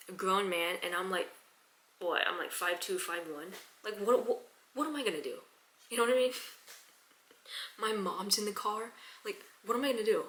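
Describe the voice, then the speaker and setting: Bright-voiced chatty young woman. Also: medium pitch. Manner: chatty, with quick restarts and repeated words. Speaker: vlogger. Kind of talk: casual storytelling vlog.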